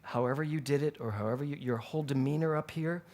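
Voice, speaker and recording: A male minister delivers a Sunday talk in a spiritual center, his voice sitting a little high for a man. He tells stories animatedly and laughs as he goes. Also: fast, a little mellow. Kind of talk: sermon.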